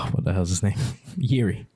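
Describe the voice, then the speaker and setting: A low, mellow-voiced man with a southern English accent, chatting casually as a podcast co-host. He talks in an easygoing way and pauses to hunt for names. The sound is close and dry. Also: breathy edge, no echo. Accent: southern English, near London. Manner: easygoing, trails off and searches for names. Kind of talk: casual chat.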